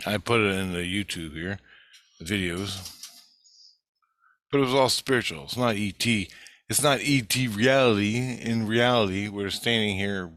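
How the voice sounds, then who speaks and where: A man's voice: low voice, fairly bright tone, no echo. A man giving a rambling, profane spiritual video update in an agitated way. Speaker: vlogger.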